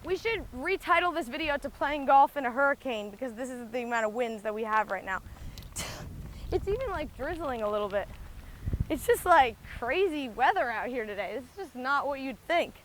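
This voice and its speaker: With a high, expressive and fairly bright voice at a moderate pace, a woman golf vlogger talks her way through her shots outdoors on a windy course. She's chatty and breathless, thinking aloud with many "likes" and restarts, over slight background noise.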